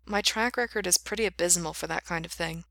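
A woman's voice: fairly low pitch, fairly quick, no room sound. A woman voicing an anxious, hesitant young man. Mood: sheepish. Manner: hesitant, quiet, flustered.

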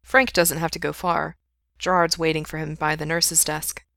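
A woman reads fan fiction aloud at an even, unhurried pace, her low-leaning voice marked by vocal fry. The recording is close and dry, with no room sound around it.

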